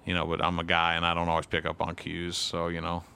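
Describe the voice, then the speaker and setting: A man's voice: low-pitched, completely flat delivery, quick pace, vocal fry, sharp tone, a little hiss or hum. A man co-hosting a podcast, chatting casually and candidly, often rambling and restarting his sentences as he talks. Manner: rambling, self-correcting, candid. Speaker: podcast co-host; youth T-ball head coach. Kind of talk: casual chat.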